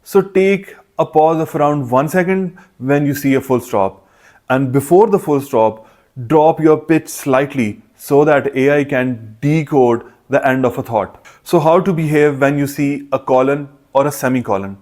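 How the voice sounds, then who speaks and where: A man's voice: medium pitch, a little slow, darkish tone. A man teaching exam preparation in a methodical, scripted way, listing points one by one. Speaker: test prep instructor. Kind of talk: scripted instructional explanation.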